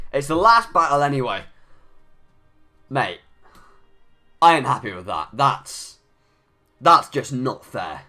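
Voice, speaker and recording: A man's voice: medium pitch, very animated, takes it slowly, pauses often, pushed and bright, soft background music. A young man giving live commentary over a video game. He thinks aloud, restarts his sentences often and rants when things go against him. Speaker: gaming YouTuber.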